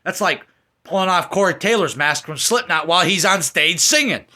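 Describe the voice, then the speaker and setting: A man's voice: sits high, expressive, normal speed, bright, forceful tone. A man giving an angry, profane rant while reviewing a horror film. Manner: profane, ranting, heated. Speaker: movie reviewer.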